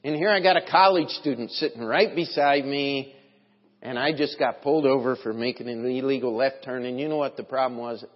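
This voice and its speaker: A man preaching a sermon as pastor, slow and deliberate, with emphatic swells in his delivery. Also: medium pitch. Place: church sanctuary. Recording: dull, lo-fi, long hall reverb.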